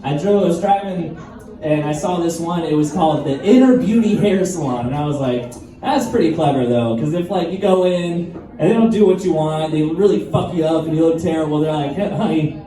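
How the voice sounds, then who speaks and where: A man's voice: on the high side, brisk, warm tone. A man doing a stand-up comedy set, telling crude stories in a laid-back, profane way. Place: live comedy venue with audience. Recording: echoey room, mic heard from far, crowd noise.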